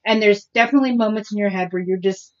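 A woman's voice: mid-range voice, fast talker, a little mellow. Babbling, reflective woman co-host. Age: parent of children, adult. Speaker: podcast co-host. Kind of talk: casual chat. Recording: dull lo-fi podcast audio.

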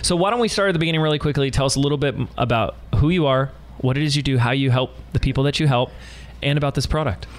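A man's voice: mid-range voice, rapid-fire. A man hosting a business podcast from a studio, talking in an enthusiastic, emphatic and playful way. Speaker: podcast host. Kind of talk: upbeat podcast interview.

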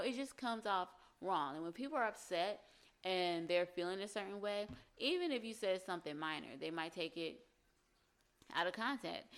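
A woman giving conversational relationship advice, often acting out short example dialogues. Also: lowish voice. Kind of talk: advice talk to camera.

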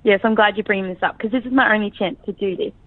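Chatty Australian woman on a tinny phone line. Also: medium pitch. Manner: chatty and frank, quick to laugh. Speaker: reality show contestant, interview guest. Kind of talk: casual phone interview.

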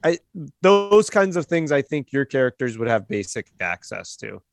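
A man as game master, narrating a tabletop game in a relaxed, rambling way. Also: medium pitch, normal speed, gravelly, no room sound, clean studio sound.

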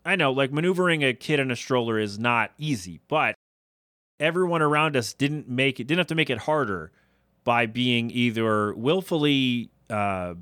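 A man's voice: medium pitch, lively intonation, moderate pace, fairly bright tone, no room sound. Guy podcaster ranting, rambly and fed up, dry close mic. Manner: exasperated, rambling, rising to incredulous outbursts. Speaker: podcast host. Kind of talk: solo podcast rant.

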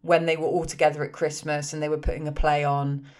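A woman with a notably deep voice for a woman. She retells the plot with eager warmth and keeps defending the film, often breaking into laughter. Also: level tone, quick pace. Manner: enthusiastic, patiently explaining with laughter. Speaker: podcast co-host. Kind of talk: casual chat.

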